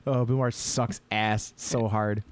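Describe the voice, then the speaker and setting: A man's voice: on the low side, steady tone, unhurried. A man co-hosting a podcast in casual chat, rambling with many fillers and blunt profanity. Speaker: podcast co-host.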